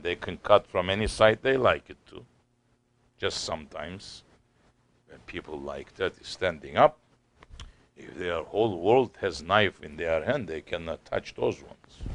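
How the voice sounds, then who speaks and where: Slow, low-voiced man telling a story. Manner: non-native English, acts out voices in the story. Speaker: sheikh giving a talk. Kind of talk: sohbet storytelling talk.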